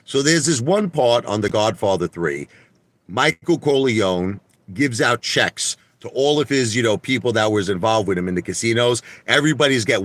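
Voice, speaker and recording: Animated, emphatic New man. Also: medium pitch, no echo. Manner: emphatic, repetitive, swears mildly. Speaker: live stream host. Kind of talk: casual live stream rant. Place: indoors at home.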